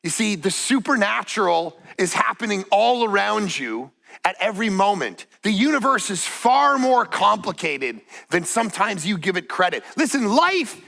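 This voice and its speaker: A man's voice: high voice, animated, normal speed, vocal fry, bright, forceful tone. A middle-aged man preaching a sermon, telling a personal story in a conversational way that builds to emphatic points. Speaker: pastor. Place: church stage.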